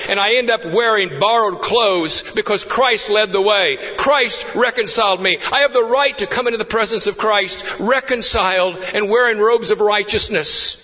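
Pastor guy preaching, voice up high, lots of passion then drops real quiet, big echoey church. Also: moderate pace, few pauses. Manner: impassioned preaching that drops to hushed, intimate lows. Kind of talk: sermon.

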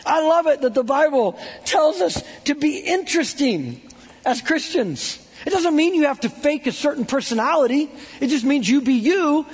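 A man's voice: very high voice, lively intonation, moderate pace. A man preaching a casual, joking sermon, talking in a chatty way full of "like" and "right?". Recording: long hall reverb.

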